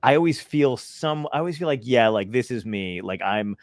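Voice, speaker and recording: A young man hosting a podcast, his pitch swinging widely as he talks. He swears casually, laughs a lot, and sounds dry and close. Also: expressive, moderate pace, no echo. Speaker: podcast host. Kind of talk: casual chat.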